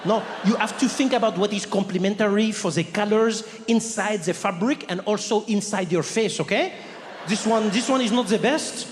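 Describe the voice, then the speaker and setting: A man's voice: high-pitched, moderate pace, big-room sound, close to an everyday voice. A man voicing a blunt, condescending male shop clerk with a French accent, who tags his phrases with a questioning "no?". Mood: dismissive. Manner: dismissive, ends phrases with a questioning "no?".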